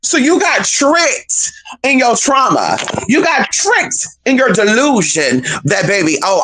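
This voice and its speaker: Animated, profane street preacher. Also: crowd noise. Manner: call-and-response exclamations, heavy cursing, swoops between high cries and low asides; reads scripture slowly and drawn out. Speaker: spiritual teacher streaming a talk.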